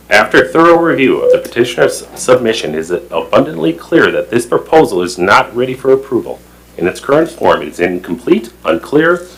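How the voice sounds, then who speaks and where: Husky man reading a formal statement. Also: fairly low pitch, low-quality recording. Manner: formal, emphatic, stumbles over words now and then. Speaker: plan commission member. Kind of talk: reading a prepared statement at a public meeting. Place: town meeting room.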